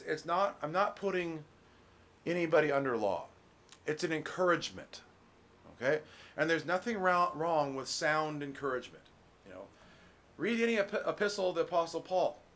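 A middle-aged man preaching a relaxed, conversational sermon as pastor, folksy, full of restarts and "you know.". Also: a little high.

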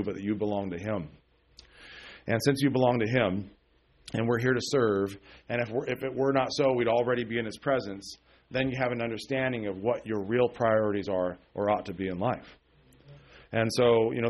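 A middle-aged male pastor delivering a sermon in a relaxed, conversational way. His voice sits in a middle pitch, and he scatters fillers and asides through his talk. He lifts his voice with emphasis on the points that matter. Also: slight background noise.

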